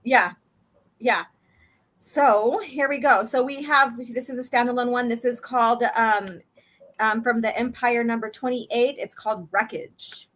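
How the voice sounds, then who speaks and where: A woman's voice: a little high, fairly even intonation, unhurried, fairly bright tone. A woman hosting a casual chat, reading a comic aloud, chatty and giggly. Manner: giggly, chatty, reads dialogue in voices. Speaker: podcast host.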